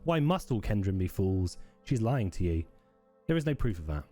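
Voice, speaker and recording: Brief: man doing a scornful old woman village leader, curt and dismissive, low warm tone. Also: big pitch swings, moderate pace, faint music behind.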